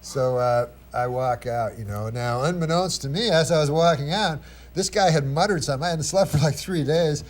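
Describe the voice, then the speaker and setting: A man telling a long, rambling anecdote as a comedy guest, full of halting restarts and dry asides. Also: a little high. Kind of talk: casual anecdote on a talk show.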